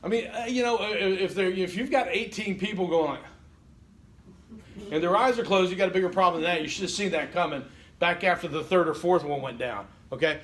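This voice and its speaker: Talking a little fast in a high-pitched, fairly bright voice, a man gives a casual college lecture. He keeps checking in with "okay?" and plays out the thoughts his listeners might have.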